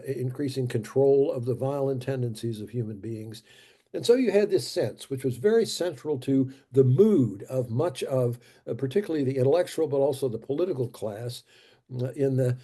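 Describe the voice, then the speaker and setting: Husky, dark-voiced male lecturer. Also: mid-range voice. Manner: deliberate, halting, repeats key phrases for emphasis. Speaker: guest lecturer. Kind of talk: history lecture. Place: church.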